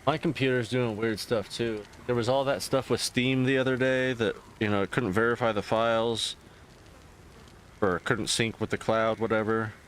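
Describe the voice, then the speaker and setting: A man streaming and chatting casually, ranting in a profane, rambling and animated way. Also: mid-range voice, moderate pace, slight background noise. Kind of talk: casual chat.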